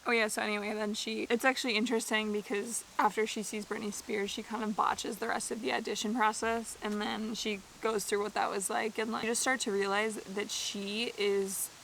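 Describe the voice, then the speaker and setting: A young woman from Canada chatting casually about a book she is reading, excitable and full of "like" fillers. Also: mid-range voice, normal speed, creaky, few pauses, a little hiss or hum, low-quality recording. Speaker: book vlogger.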